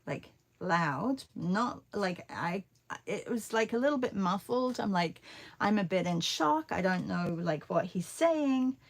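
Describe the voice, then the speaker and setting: A woman tells a casual story while painting and drifts from point to point with plenty of fillers and restarts. She speaks at an unhurried, slow pace, and her pitch sits in a middle range for a woman. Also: animated. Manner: rambling chatty anecdote with many fillers. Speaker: art teacher and vlogger.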